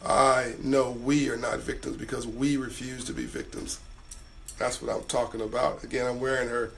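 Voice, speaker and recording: A man hosting a live stream, hoarse and tired, giving motivational advice and reading out viewer comments in a casual way. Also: mid-range voice, a little hiss or hum. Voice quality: raspy. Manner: motivational, urges viewers to act.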